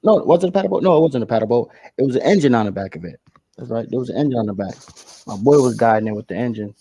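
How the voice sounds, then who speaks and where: Speaking rapid-fire in a husky, mid-range voice, a young man casually retells a story full of slang, rambling and correcting himself as he goes in an animated way. The recording is dry and the audio quality poor.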